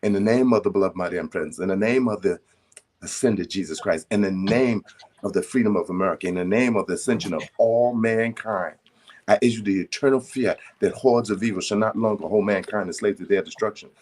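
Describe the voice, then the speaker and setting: A man in a prayer circle slowly and deliberately reciting spiritual decrees, stumbling over his first words. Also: lowish voice, darkish tone. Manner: slow, deliberate, emphatic recitation with stammered starts.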